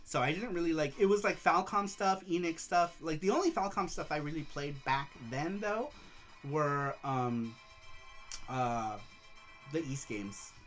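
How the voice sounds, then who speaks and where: A man's voice: fairly high pitch, lively intonation, a little slow, a bit bright, soft background music. A man hosting a casual livestream, rambling about games and reading viewer messages aloud. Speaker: show host and streamer.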